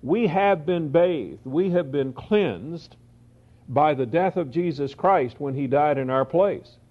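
A man teaching the Bible verse by verse, reading scripture slowly and then explaining it in quick asides. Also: on the high side, expressive. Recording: dull lo-fi recording.

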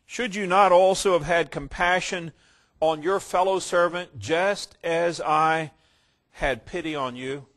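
A man's voice: fairly high pitch, measured pace, fairly bright tone. A stern king calling in his debts, as a preacher acts him out. He speaks bluntly and plainly, in a slightly raised voice. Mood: reproachful.

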